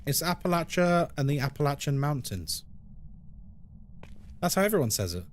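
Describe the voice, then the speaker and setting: A man's voice: a little high, very animated, moderate pace. A man streaming a game, chatting playfully and reading chat messages aloud. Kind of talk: casual live-stream chat.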